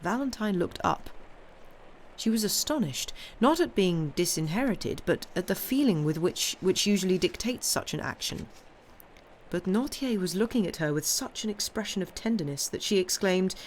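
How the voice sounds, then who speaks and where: A woman reading a classic novel aloud on a live stream, with measured, steady narration. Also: lowish voice, a little hiss or hum. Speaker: reader.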